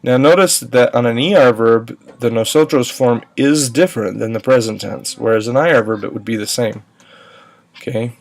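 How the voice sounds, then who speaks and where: A man's voice: medium pitch, normal speed. Patient man teaching grammar. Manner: patient, spells out endings, sings a short chant. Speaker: Spanish teacher. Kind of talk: recorded grammar lesson.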